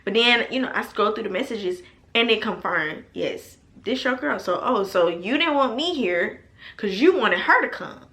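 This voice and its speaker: Young woman, emphatic storytime vlog, bright voice. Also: medium pitch, normal speed. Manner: animated and emphatic, addresses viewers as y'all. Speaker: storytelling vlogger.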